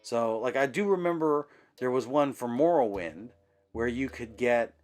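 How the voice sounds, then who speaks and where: A man's voice: mid-range voice, animated, a little slow, darkish tone, faint music behind. A man hosting his own channel, talking through a casual update in a rambling way, full of ums and self-corrections. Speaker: YouTube channel host.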